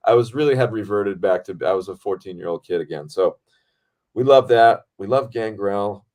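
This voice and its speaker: A man hosting a podcast, telling a set story in a casual, excitable way and swearing freely. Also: on the low side, moderate pace. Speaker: podcast host and film director.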